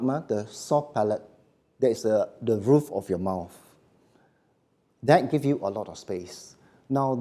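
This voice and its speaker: A man's voice: mid-range voice, warm tone. A middle-aged man giving a live voice workshop in short, emphatic phrases, often checking in with the audience. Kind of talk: live seminar lecture.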